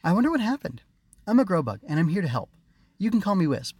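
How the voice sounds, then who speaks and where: A man doing a fussy high butterfly sprite. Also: very animated, a little mellow, husky, dry recording, faint music behind, exaggerated voice. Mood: chatty. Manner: high, quick, fussy chatter. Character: small magical butterfly helper creature, brisk and chatty. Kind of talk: audiobook character reading.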